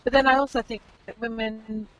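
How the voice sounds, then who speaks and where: A woman's voice: on the high side, fairly even intonation, brisk, poor audio. A woman in casual podcast chat, thoughtful and rambling with many fillers.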